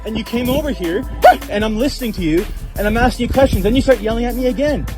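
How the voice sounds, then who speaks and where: A man's voice: very high-pitched, quick pace, over music. A man arguing in a park, exasperated and repeating himself insistently. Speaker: park visitor in an argument. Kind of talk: heated argument.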